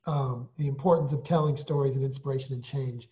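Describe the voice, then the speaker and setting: A man's voice: mid-range voice, steady tone, fairly quick, dark tone. A man co-hosting an online panel, asking long, hesitant questions with many restarts. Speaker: co-host. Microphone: video call. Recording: muffled video call audio.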